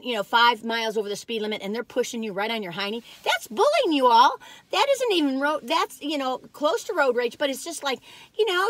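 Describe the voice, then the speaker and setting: In a dry recording, a woman in her sixties speaks with a high-pitched, sharp tone while casually vlogging cookie reviews. She's exuberant and rambling, bursting into whoops and laughter as she speaks right to her viewers.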